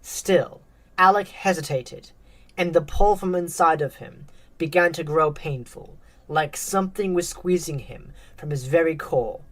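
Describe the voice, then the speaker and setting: A woman narrating a story in a measured, dramatic reading. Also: sits low.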